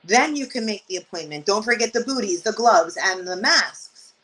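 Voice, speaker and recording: A woman talks through her work as a real estate agent. She tells her stories in an animated way, with exasperated asides, and her pitch sits in the middle range for a woman. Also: moderate pace, a little hiss or hum, low-quality recording. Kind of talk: casual interview talk.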